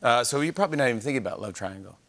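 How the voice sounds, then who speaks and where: A man hosting a late-night talk show, excitable and jokey with sudden exclamations. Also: mid-range voice, very fast.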